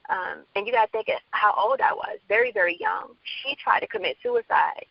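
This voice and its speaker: Candid author guest, a woman, lively pitch with fry, on dull lo-fi call audio. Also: a little fast, no room sound. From Bronx, New York. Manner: candid, re-enacts quoted dialogue. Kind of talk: personal storytelling interview.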